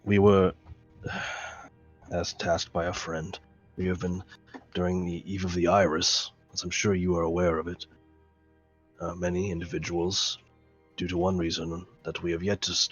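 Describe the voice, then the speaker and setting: A grave, solemn champion of a goddess, as a man voices him in a tabletop game. His voice is very deep and husky, and he chooses his words slowly. The recording sounds dull and muffled. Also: little pitch movement, faint music behind. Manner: slow, solemn, halting in-character speech. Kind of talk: tabletop role-play voice acting.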